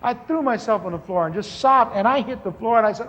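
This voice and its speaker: A man's voice: high voice, fast, hardly any pauses, fairly bright tone. A man in his sixties preaching a personal testimony, storytelling with self-mocking humor and acting out his own prayers. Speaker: pastor. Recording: lo-fi hall recording with faint hiss.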